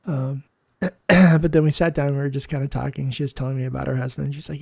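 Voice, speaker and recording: A man hosting a podcast interview, a nurse telling work stories in a lively way and acting out what people said. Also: a little high, quick pace, creaky, no room sound. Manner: animated storyteller, quotes people in dialogue. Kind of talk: conversational interview storytelling.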